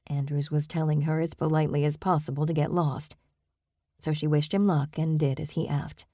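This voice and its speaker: A woman reads a cozy mystery audiobook in an even, measured way. Her voice sits low and mellow. The recording is dry and close. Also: dry recording. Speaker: audiobook narrator. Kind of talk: scripted narration.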